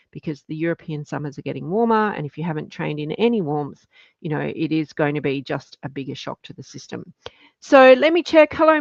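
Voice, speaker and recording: A woman's voice: mid-range voice, dry recording, lo-fi sound. A woman, middle-aged, hosting a chatty live stream where she coaches hikers and greets viewers by name. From Australia.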